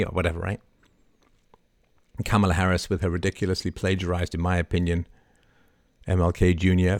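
A middle-aged man with a low-pitched voice delivers an impassioned monologue as host of his own show. He veers between quiet, confiding asides and loud, emphatic bursts. The recording is dry and close, with no room echo. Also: level tone, fast. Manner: passionate, swings from soft to loud emphatic outbursts. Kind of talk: impassioned live-stream monologue.

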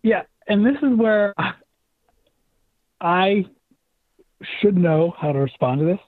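A man's voice: high-pitched, animated, slow pace, no echo. Hesitant male caller on a tinny phone. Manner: hesitant, repeats words while speaking. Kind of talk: phone call-in conversation. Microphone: telephone. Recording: tinny dry phone line.

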